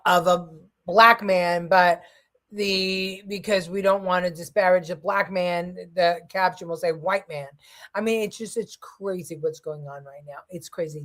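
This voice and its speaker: A woman with a somewhat low voice hosts a casual live-stream talk show. She talks in a loose, hesitant way, full of ums and false starts. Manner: hesitant, many fillers and restarts. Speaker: show host.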